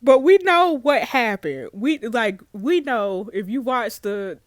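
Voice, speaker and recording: A woman's voice: a little high, big pitch swings, slow pace, dry recording, clean studio sound. A young woman hosting a let's play, reading messages aloud and reacting with laughter and slang. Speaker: gaming host.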